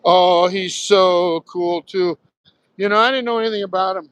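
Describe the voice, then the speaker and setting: A man in his sixties from Southern New Jersey talks in a rambling, storytelling way, dropping casual swears along the way. His voice sits fairly high for a man. He is live streaming on a phone as he walks along a beach. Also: fairly even intonation, moderate pace, a bit bright, smooth, no echo, poor audio. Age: 60s. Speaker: live streamer, retired Marine pilot. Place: outdoors on a beach, walking. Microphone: phone held while walking.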